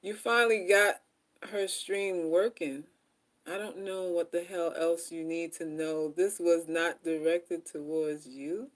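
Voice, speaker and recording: Her tone steady and her pace slow, a woman gives relationship advice on a casual live stream. She keeps repeating herself to viewers, murmuring asides one moment and erupting loud and high the next.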